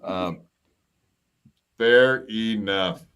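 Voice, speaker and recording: Bright-voiced joking podcast guy. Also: lowish voice, very slow, clear, resonant tone. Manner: loose, joking, rambling with restarts. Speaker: podcast co-host. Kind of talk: casual banter.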